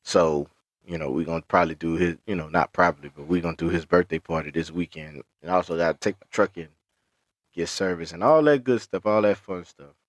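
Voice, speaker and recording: A young adult man co-hosting a podcast in casual chat, telling stories, often laughing and jumping up high to quote other people. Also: brisk, no room sound, studio quality. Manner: animated storyteller, acts out high-pitched quotes, laughs often. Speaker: podcast co-host.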